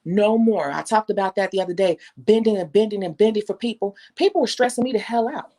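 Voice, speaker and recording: A woman's voice: medium pitch, fast. A woman nail technician talking casually and bluntly to her viewers, telling stories with slang and the odd curse. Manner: candid, blunt, animated storytelling with slang and cursing. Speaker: nail technician and channel host. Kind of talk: casual talk to viewers, reading live comments.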